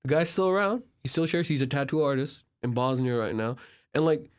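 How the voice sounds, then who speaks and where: A man's voice: on the high side, fairly quick, smooth. A young man from Turkey, a podcast guest, tells travel stories casually and acts out the conversations with lots of filler words. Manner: animated, filler-heavy, acts out dialogue. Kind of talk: casual storytelling.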